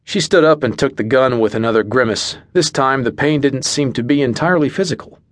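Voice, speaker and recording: A man's voice: mid-range voice, brisk, dry recording. A man narrating a first-person fantasy audiobook in a wry, dry storytelling manner.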